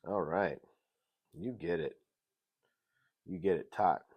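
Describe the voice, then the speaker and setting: A man hosting a casual TV review show, animated and jokey, swinging between loud bursts and mutters. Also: low voice, slow pace, husky, lo-fi sound. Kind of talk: casual commentary.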